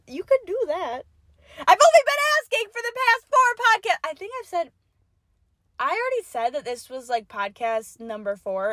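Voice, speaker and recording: Young woman podcast host, high voice, dry close sound, giggly and profane rambling chat. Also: fairly bright tone, no room sound. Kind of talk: casual solo podcast chat. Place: parked car.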